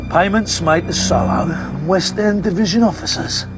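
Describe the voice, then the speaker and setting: An actor playing a tough London robber, talking bluntly and guardedly, in a film with music behind. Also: male voice, high voice, moderate pace, close to an everyday voice. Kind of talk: film drama.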